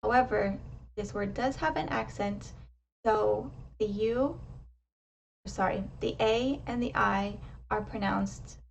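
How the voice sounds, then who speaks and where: Slow, gravelly-voiced woman teacher. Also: mid-range voice, far from the mic, a little hiss or hum. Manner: explains step by step, models words slowly and emphatically. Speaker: language teacher. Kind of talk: slow, careful pronunciation lesson.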